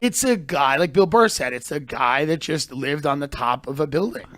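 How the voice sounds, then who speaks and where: A man telling comedic stories on a podcast, animated and emphatic, with plenty of profanity. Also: a little high, moderate pace, no room sound, studio quality.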